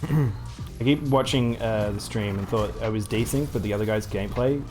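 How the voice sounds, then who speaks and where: A man's voice: fairly low pitch, moderate pace, music in the background. A man streaming a game, chatting casually and rambling with lots of fillers while he plays. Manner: rambling, filler-heavy, thinks aloud while playing. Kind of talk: casual gameplay chat.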